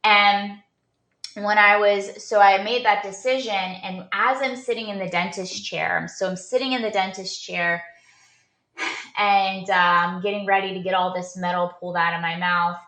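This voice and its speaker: A woman's voice: mid-range voice, fairly even intonation, moderate pace, fairly bright tone, echoey room. A woman performance coach giving an earnest motivational talk, telling a personal story with many restarts and fillers.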